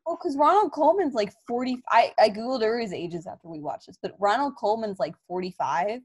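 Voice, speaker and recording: A woman's voice: on the high side, lively intonation, quick pace, slightly rough. Sarcastic woman in a podcast chat. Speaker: podcast co-host. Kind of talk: casual chat.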